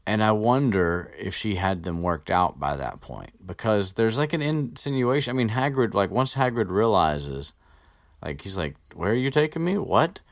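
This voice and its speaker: Rambling, profane low-voiced man. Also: big pitch swings, moderate pace, no echo, studio quality. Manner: rambling, profane, restarts often. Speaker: podcast host discussing a book. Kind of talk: casual chat.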